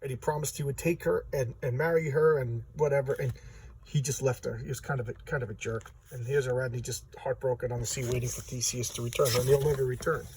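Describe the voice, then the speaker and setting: A man giving a casual, chatty walkthrough of a comic book, retelling the story in loose talk full of "you know" and quick asides. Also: mid-range voice, steady tone, a little mellow, a little hiss or hum, low-quality recording. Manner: acts out characters' lines in quick voices.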